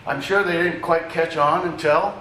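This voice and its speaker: A man's voice: on the high side, fairly even intonation, moderate pace, pushed and bright, slight background noise. A man preaching a sermon in a conversational, teaching way, with asides to the congregation. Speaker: pastor. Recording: echoey room, distant mic, faint ambience.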